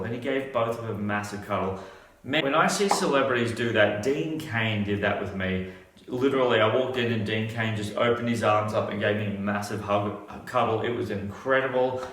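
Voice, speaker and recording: A man's voice: fairly low pitch, a little fast, a bit bright. A man telling a casual story, rambling with many restarts. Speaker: vlogger. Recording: echoey room.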